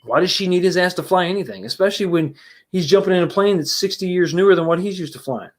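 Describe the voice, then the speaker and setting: A man's voice: high-pitched, quick pace. A man giving a casual livestream movie review and answering chat, rambling and exasperated, blunt and profane, with many restarts and rhetorical questions.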